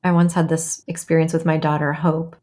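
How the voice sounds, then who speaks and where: In a reflective interview, a woman who writes plays and memoirs talks thoughtfully as a guest, bringing quoted voices vividly to life. She speaks a bit quickly, with a low-pitched, dark, level tone.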